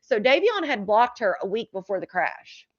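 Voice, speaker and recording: Woman true crime commentator, casual, filler-heavy, mid-pitched voice, muffled lo-fi recording. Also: very animated, normal speed. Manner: chatty, with frequent fillers. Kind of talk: casual commentary, reading text messages aloud. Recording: slightly dull lo-fi audio.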